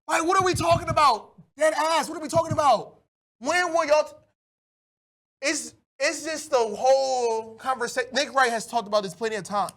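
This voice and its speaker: A man hosting a solo sports podcast, ranting animatedly with loud outbursts. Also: high voice.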